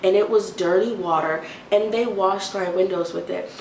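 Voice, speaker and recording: A young adult woman telling an exasperated storytime rant, animated and mimicking a timid whisper now and then. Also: mid-range voice, normal speed. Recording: roomy, distant, faint hiss.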